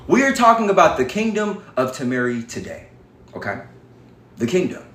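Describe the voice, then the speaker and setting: A man with a high voice gives a fired-up livestream lecture, hammering his points home through repetition and swearing. His voice rings around a roomy, echoing space. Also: huge pitch swings, a little slow, pauses often, a bit bright, slight background noise. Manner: emphatic, profane, repetitive. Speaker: livestream speaker on history.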